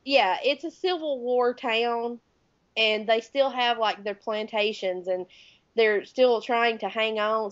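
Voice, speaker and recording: A Southern US woman of about thirty co-hosts a podcast, chatting casually, and her voice gets louder and faster when she's excited. Her pitch is fairly high, and the recording is dry with a lo-fi sound.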